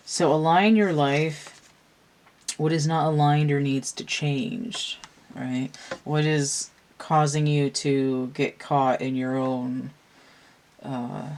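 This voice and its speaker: A weary tarot reader works through a card spread at an unhurried, drawn-out pace. The voice sits at a middling pitch and muses aloud, circling back and restarting thoughts as they go. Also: a little hiss or hum. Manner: slow, musing, thinks aloud with restarts. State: tired from pain. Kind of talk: casual tarot card reading.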